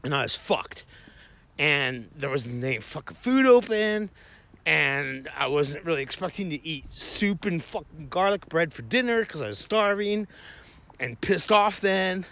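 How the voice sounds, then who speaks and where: Animated, cursing man ranting. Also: on the high side, a little slow, creaky. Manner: profane, heated, rambling. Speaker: streamer. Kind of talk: ranting casual storytelling.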